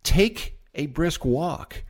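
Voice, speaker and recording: A middle-aged man giving an energetic, emphatic motivational talk on sales, as a trainer. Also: extremely slow. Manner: energetic, emphatic, varies pitch widely.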